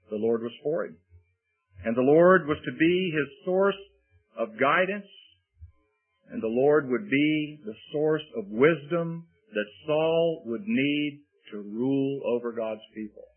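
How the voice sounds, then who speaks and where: A man's voice: a little high, animated, measured pace. A man preaching a sermon, reading scripture passages aloud and then explaining them to the listeners. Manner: reads scripture aloud in old-fashioned wording, then explains it. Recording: husky voice over a tinny phone-like line.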